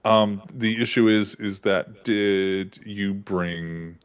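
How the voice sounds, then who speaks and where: Man game master, lowish voice, loose casual narration. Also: steady tone, takes it slowly, clear, resonant tone. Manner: casual, rambling, many fillers.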